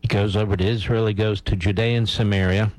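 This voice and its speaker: Man, talk radio host, very low voice, blunt, emphatic, dry close sound. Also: fairly even intonation, quick pace, darkish tone, no echo, low-quality recording. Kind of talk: opinionated talk radio monologue.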